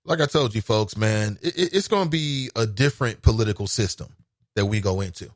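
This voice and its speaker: A man's voice: on the low side, fairly quick, no echo, clean studio sound. A man from Cincinnati hosting a call-in talk show, chatting casually and reacting to listener comments with exclamations. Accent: Cincinnati, Ohio. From United States. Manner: conversational, reacts with laughs and exclamations.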